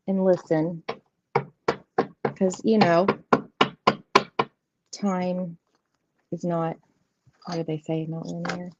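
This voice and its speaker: A woman's voice: fairly low pitch, creaky, very noisy. A woman, hosting a casual live tarot stream, chatty and giggly, rambling and greeting viewers by name. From southeastern United States. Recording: dull lo-fi stream audio, dry.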